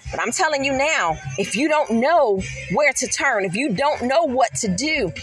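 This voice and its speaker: A middle-aged woman with a high voice tells a personal faith testimony in an earnest, animated storytelling manner. She leans into emphatic repetitions as soft music plays faintly underneath. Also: moderate pace, low-quality recording. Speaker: podcast host.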